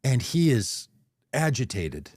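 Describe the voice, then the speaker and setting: A man's voice: mid-range voice, sing-song, slow pace, a little mellow, breathy edge, no echo. A man telling a personal story as a guest speaker on a video call, in a conversational way, correcting himself as he goes. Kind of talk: anecdotal storytelling.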